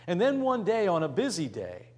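A man preaching with a lively, swooping delivery, acting out the voices in the story he tells. His voice sits a little high for a man, and he shifts from loud calls down to hushed, almost whispered words. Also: normal speed. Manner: dramatic, acts out voices, drops to near whisper. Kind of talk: sermon storytelling.

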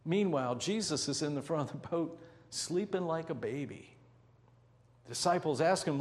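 Higher-voiced male pastor, vivid storyteller. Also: expressive, long reverb tail. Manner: vivid storytelling with slow, drawn-out emphasis. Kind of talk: sermon.

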